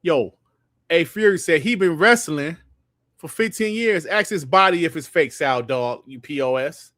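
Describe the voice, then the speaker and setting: An older man hosts a casual gaming stream, firing off loud, profane trash talk and laughing as he reads the chat. His voice sits a bit high for a man. The sound is dry and close, with no room echo. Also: moderate pace. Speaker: podcast host reading live chat.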